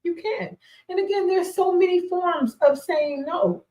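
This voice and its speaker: A woman's voice: very high voice, measured pace, mellow, a little hiss or hum. A woman in her forties hosting a faith-based talk show, speaking emphatically, repeating her key points and laughing often. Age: 40s. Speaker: radio show host. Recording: roomy echoey sound.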